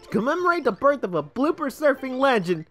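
A man's voice: extremely high pitch, sing-song, brisk, a bit bright, faint music behind, voice pushed up, exaggerated voice. A man voicing a laid-back male surfer dude who runs a surf contest, with a put-on accent and breezy slang.

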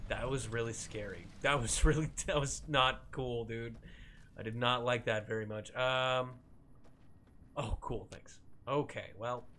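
Young male streamer at a mid pitch, wry and reactive, trading quips with the game as he plays. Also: steady tone, unhurried, fairly bright tone, a little hiss or hum. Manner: joking, reactive, talks to the game characters. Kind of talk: let's-play commentary.

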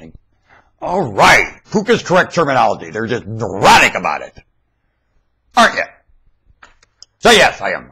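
A man in a rambling webcam monologue, veering between high shouts and low mutters, recorded on a webcam microphone at home. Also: breathy edge. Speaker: vlogger.

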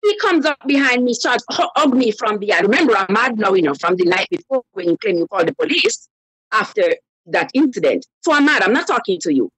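A woman's voice: mid-range voice, fairly quick, husky, no echo, rough recording. A woman telling a personal story on a call-in show, animatedly acting out the voices of the people in it. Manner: animated storyteller who acts out quoted voices. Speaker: caller.

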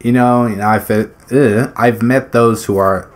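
A man's voice: medium pitch, steady tone, measured pace. A man talking casually over his gameplay, rambling, swearing freely and blurting out exclamations as he plays. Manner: rambling, swears freely, laughs between phrases; blurts exclamations during play. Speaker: gaming YouTuber.

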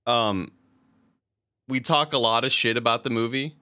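A man's voice: medium pitch, measured pace, bright, forceful tone, smooth, dry recording, faint music behind. A man streaming a video game, chatting casually to his viewers, swearing freely and laughing often. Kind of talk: casual gameplay commentary.

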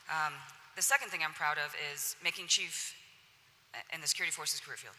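A senior enlisted leader, a woman with a low-pitched, sharp voice, talks a little fast on a symposium panel. She's frank, direct and conversational, and the hall around her is echoey.

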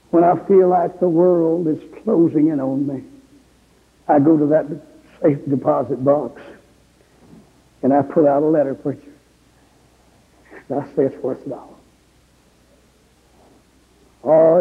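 A male preacher telling a story in a sermon, his voice rising into crying shouts at emotional peaks. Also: fairly high pitch, slightly rough. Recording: tinny phone-like audio in a reverberant hall.

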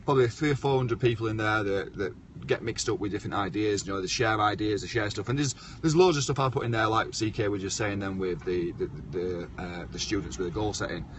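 A man's voice: lowish voice, fairly quick, hardly any pauses. Chatty man hosting a live stream. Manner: chatty, blunt, swears casually. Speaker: show host. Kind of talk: casual live-stream chat. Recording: faint background noise.

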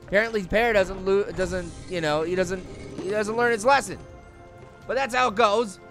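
A man voicing a cocky, hyper talking pear who brags about his gaming skills while playing a video game, slangy and prone to high squealing screams. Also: normal speed, vocal fry, a bit bright, faint music behind. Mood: excited. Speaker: game commentator. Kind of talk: let's-play cartoon commentary.

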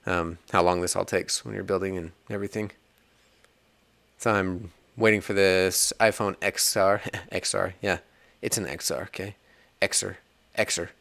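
A man with a low voice walks through a coding tutorial in a relaxed, chatty way, thinking aloud and laughing when the software misbehaves. His voice is recorded close on a desk mic in a dry space. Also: moderate pace, dry recording. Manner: chatty, rambling, laughs at bugs. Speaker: iOS developer tutorial host.

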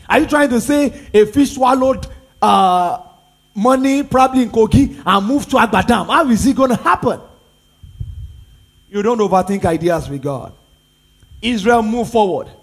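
A man's voice: very high-pitched, lively intonation, normal speed, breathy edge. A Nigerian pastor, a man, preaching a sermon with emphatic repetition and rhetorical questions.

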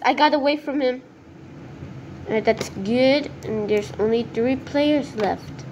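A woman commenting on her own gameplay as she plays, talking to herself in an excitable, nervous way. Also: fairly high pitch, unhurried, a little hiss or hum. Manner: excitable, nervous self-talk. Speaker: gaming video creator.

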